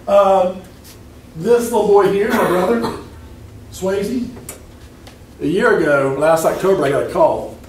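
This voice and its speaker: Animated man telling stories in an echoey hall. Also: fairly high pitch, distant mic, a little hiss or hum. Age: 50s. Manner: animated storytelling, acting out voices. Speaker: speaker. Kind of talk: personal story talk. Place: lecture hall.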